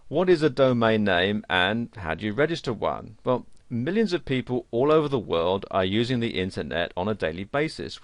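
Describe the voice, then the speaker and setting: Man, lowish gravelly voice, dry close sound, for tutorial narration. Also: no echo. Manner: plain explanatory delivery with fillers. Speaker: course instructor. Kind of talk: screen-recorded tutorial narration.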